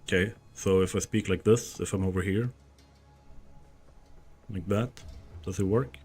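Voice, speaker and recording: A man's voice: sits low, fairly even intonation, a little slow, a little mellow, soft background music. A man live-streaming a game from a room at home, chatting casually and rambling while he tests and moves his desk mic. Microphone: desk mic, moved around while talking.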